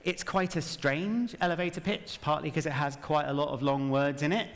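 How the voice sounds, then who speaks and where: A man's voice: on the high side, steady tone, normal speed, a bit bright. A man presenting a conference talk from memory, chatty and self-deprecating with wry asides. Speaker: game narrative director giving a talk. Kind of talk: conference talk without notes. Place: large event hall. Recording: long hall reverb.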